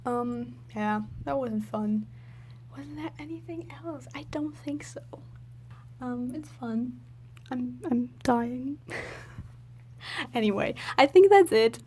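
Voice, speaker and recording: A woman's voice: high-pitched, lively intonation, takes it slowly, long pauses, warm tone, breathy edge. A woman telling a story in a casual, rambling voice-over, filling her talk with "like" and giggling often. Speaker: video creator.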